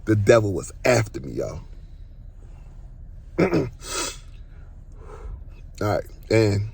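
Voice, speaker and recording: Gravelly, husky man telling his story. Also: on the low side, extremely slow. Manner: animated storytelling with slang and acted-out exclamations. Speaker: podcast host. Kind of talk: casual personal testimony.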